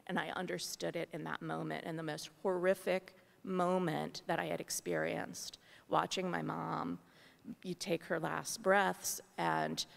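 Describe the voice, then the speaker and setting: Earnest low-voiced woman in a hall. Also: gravelly. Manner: earnest, candid storytelling with asides. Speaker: guest speaker, artist. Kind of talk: personal talk to a gathering. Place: large meeting hall. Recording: long hall reverb.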